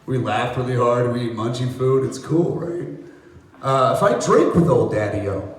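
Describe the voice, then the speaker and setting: American comedian working a live crowd. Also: male voice, medium pitch, expressive, a little slow. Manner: loose, crowd-working, slips into impressions. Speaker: stand-up comedian. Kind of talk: live stand-up set. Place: outdoor apartment complex courtyard. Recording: echoey, distant, noisy live recording.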